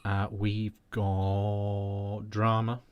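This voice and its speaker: A laid-back man from the UK hosts a casual live show. His voice sits fairly low, and he introduces each segment steadily, often repeating a phrase. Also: completely flat delivery, extremely slow, smooth, muffled recording. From United Kingdom. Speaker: host.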